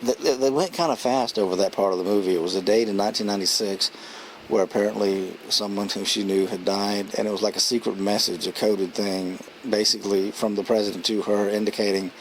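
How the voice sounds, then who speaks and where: A man with a lowish voice talks through a film review in a loose, rambling way, restarting sentences and chuckling as he retells scenes. A faint hum of room ambience sits behind him. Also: fairly even intonation, brisk, poor audio. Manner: rambling, chatty, many restarts and fillers. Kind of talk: casual spoken film review.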